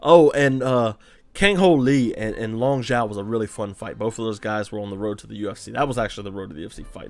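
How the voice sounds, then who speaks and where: A man's voice: lowish voice, quick pace, soft background music. A Cajun man from Louisiana recapping fights casually as host, rambling with frequent restarts and fillers. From Louisiana, USA. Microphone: desk camera mic.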